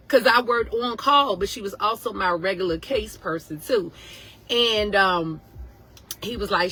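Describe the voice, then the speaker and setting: A woman in her thirties, a nurse, telling a personal story casually to viewers, animated and emotional, acting out what others said. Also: mid-range voice, unhurried, breathy edge, low-quality recording. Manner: animated, emotional, acts out quotes.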